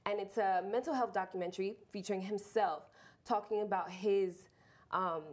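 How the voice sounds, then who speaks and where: Woman cohost, excited and emphatic, easygoing panel chatter. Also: medium pitch, normal speed. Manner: enthusiastic, emphatic. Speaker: show co-host. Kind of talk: casual panel chat.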